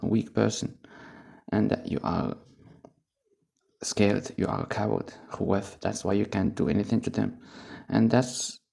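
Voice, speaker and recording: A man speaks English as an after Arabic, wandering through a relaxed solo recording while high on cannabis. His voice sits low and dark, with a gravelly fry running through it. He drifts from thought to thought and chuckles along the way. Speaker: English teacher. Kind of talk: casual recorded monologue.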